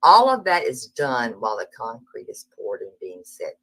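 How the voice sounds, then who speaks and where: A woman's voice: a bass voice, big pitch swings, moderate pace, fairly bright tone, husky, poor audio. A woman livestreaming who argues combatively, interrupts and swears freely. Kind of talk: heated livestream argument.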